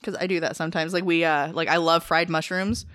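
A woman's voice: low-pitched, fairly even intonation, fast, fairly bright tone, no echo, clean studio sound. A woman guest on a podcast, chatting casually with lots of fillers and laughter. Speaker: guest on a food-tasting podcast. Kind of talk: casual chat.

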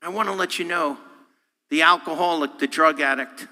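A man, a guest speaker, preaching a sermon with animated, humorous delivery, acting out voices and quotes. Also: on the high side, normal speed. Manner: humorous, self-deprecating. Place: church sanctuary. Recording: long hall reverb.

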